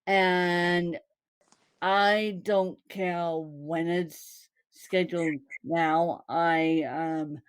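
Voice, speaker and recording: A woman's voice: lowish voice, steady tone, very slow, clean tone. A woman content creator chatting casually to her fans, often repeating herself and laughing. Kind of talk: casual vlog talk to fans.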